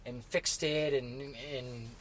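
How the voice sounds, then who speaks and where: A middle-aged man speaks in an ordinary mid-range voice, talking casually and haltingly. He restarts his sentences often and leans on fillers. His voice grows emotional as he recalls hard moments. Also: mid-range voice, fairly even intonation. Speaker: guest. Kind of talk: casual interview chat.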